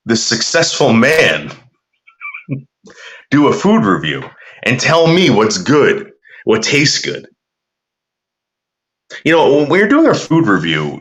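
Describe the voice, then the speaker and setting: A man's voice: medium pitch, a bit bright. A man casually chatting and telling a rambling, profane story while reacting to viewer comments.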